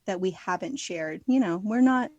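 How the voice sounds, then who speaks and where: A woman's voice: mid-range voice, animated, normal speed, a little mellow, dull audio. A woman from Florida co-hosting a casual podcast, chatty and upbeat, with frequent laughter. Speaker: podcast co-host. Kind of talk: casual chat.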